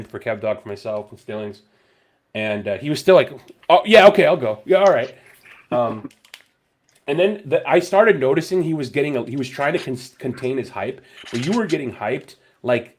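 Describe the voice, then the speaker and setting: A male podcast host with a voice of ordinary pitch, talking in loose, casual chat. He tells stories with plenty of energy and swears freely as he goes. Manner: animated, profane storytelling.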